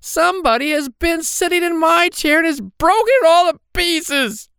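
A man voicing a small male bear cub in a storybook, with a shrill, piping voice. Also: moderate pace, gravelly, fairly bright tone, no room sound, studio quality, exaggerated voice. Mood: upset.

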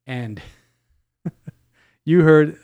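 A male priest co-hosting a podcast, telling stories in an animated, casual way with many restarts. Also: on the high side, drawn-out words, narrow, tinny audio. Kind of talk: casual chat.

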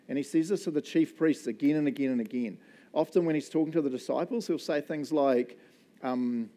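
A male pastor with a New Zealand accent delivers a casual sermon in church. He keeps it light and jokey, mixing animated stories and self-deprecating asides into the teaching. His voice sits slightly high but sounds mellow and relaxed. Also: brisk.

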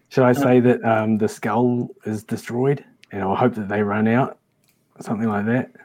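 A low, husky male voice belongs to a player at a tabletop game. He chats casually and jokes his way through the game, talking over the others. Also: steady tone, measured pace, long pauses, darkish tone, poor audio. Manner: jokey, trying out a mock twangy accent. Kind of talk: casual play at a gaming table.

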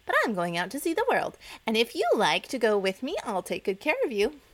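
A woman's voice: on the high side, big pitch swings, no echo. Humpty Dumpty, a woman doing a proud boy egg. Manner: proud, confident, brisk.

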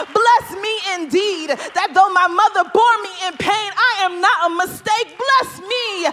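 A woman preaching a sermon, building to impassioned, shouted refrains. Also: very high voice, a little hiss or hum.

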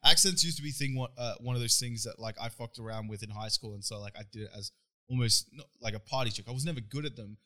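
Podcast co-host, male, from Ireland, bright tone, dry teasing delivery, swears freely. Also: mid-range voice, fast talker. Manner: laid-back storyteller, dry teasing. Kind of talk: casual banter with swearing.

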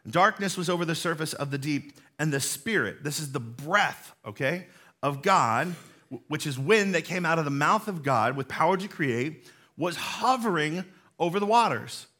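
Earnest bright-voiced male pastor preaching. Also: fairly high pitch, expressive. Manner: earnest and conversational, explaining slowly with emphatic repetition. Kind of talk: sermon.

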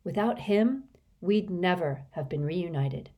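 A woman's voice: on the low side, lively intonation, takes it slowly, mellow. A woman reading an audiobook, voicing a loving father who speaks tenderly yet firmly.

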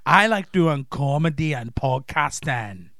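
A man's voice: a little high, expressive, a little slow, pushed and bright, no echo, clean studio sound, heavily acted. A man with a Scouse accent putting on a mocking impression of a Glaswegian man.

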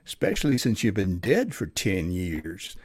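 A man's voice: low-pitched, huge pitch swings, unhurried, dry recording, heavily acted. A man voicing a grown male cowboy in a ghost story, friendly and teasing, with a folksy drawl.

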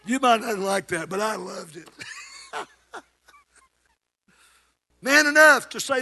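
Male preacher, high and bright. Alternates shouting with quiet storytelling. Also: animated, slow, creaky, pauses often. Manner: swings between shouting and quiet, conversational storytelling. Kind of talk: sermon.

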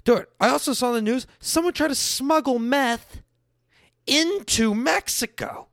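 A man around thirty doing a profane stand-up style rant, swinging between loud bursts and low mutters. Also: measured pace, no room sound, clean studio sound. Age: late 20s to early 30s. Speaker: comedian.

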